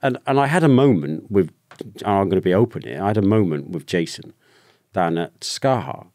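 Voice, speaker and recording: British guy, low voice, talking openly, lots of restarts, dry close mic. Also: lively intonation, darkish tone, no room sound. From United Kingdom. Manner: open, emotional, halting with restarts. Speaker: guest, ex-soldier. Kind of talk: candid personal storytelling.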